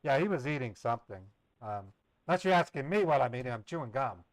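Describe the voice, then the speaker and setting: A man talking casually on his livestream, playful and chatty, at an ordinary middle pitch. He strings a scammer along with feigned eagerness. The sound is dry and close, with no room around it. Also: lively intonation, quick pace, no room sound, poor audio. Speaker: scambaiting livestream host.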